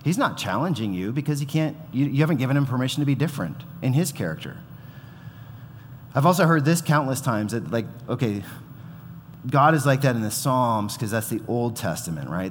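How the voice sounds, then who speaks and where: A man in his thirties preaching to a congregation, talking casually and then bursting into acted-out voices. His voice sits at an ordinary pitch and carries a long reverb from the church hall around him. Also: brisk, slight background noise. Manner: conversational, animated, acts out quoted voices. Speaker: pastor. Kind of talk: sermon.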